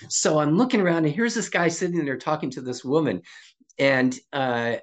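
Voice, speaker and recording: Guest: older male psychologist, chatty storyteller who acts out the voices in his anecdotes. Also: a little fast. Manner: animated storyteller who acts out quoted dialogue with rising pitch. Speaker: psychologist and author, podcast guest. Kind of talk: casual storytelling in an interview.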